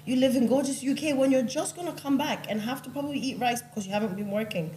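A woman in casual group chat, telling animated stories and laughing often. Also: high voice, quick pace, echoey room, background noise.

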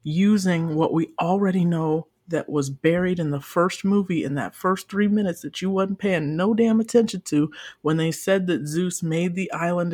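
A young woman co-hosts a casual podcast, talking emphatically and swearing freely. Her voice keeps leaping up into high, excited bursts as she gets carried away. She is recorded dry and close, with no room sound. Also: no echo. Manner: emphatic, profane, swings into high excited exclamations. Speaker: podcast co-host. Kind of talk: casual chat.

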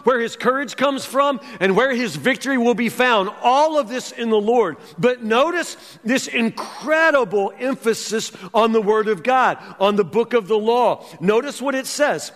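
A man's voice: extremely high pitch, lively intonation, moderate pace, hardly any pauses, a bit bright, long reverb tail. A man preaching a sermon as pastor, conversational with wry humor.

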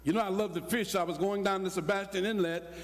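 An older man preaching a sermon, telling a story with acted-out dialogue and rising to shouts. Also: high-pitched, fairly even intonation, quick pace. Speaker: pastor. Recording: long hall reverb.

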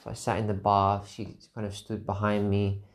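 A man's voice: on the low side, completely flat delivery, normal speed. A tired man hosting a podcast alone, talking candidly and reflectively in a rambling way, repeating phrases for emphasis. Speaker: podcast host. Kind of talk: reflective solo monologue.

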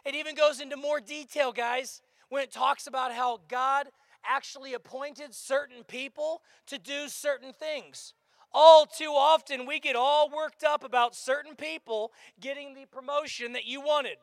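A male pastor preaching a lively sermon, sometimes shouting out acted-out lines. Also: extremely high pitch, measured pace, dry recording.

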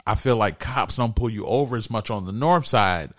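A man's voice: on the low side, moderate pace. Man, podcast host, from Detroit, casual comedy chat, loose rambling delivery. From Detroit, USA. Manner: loose, animated storytelling with lots of fillers.

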